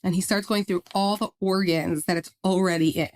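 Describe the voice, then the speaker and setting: A woman's voice: lowish voice, fairly quick. A woman in her thirties, a podcast guest, telling her story conversationally with lots of "like" fillers and acted-out quotes. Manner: animated retelling with many "like" fillers, acting out quotes.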